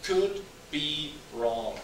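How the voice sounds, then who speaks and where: A man giving a public lecture in a large hall, speaking in a measured, emphatic way. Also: fairly high pitch, expressive, fairly bright tone. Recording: echoey hall, mic far off, noisy.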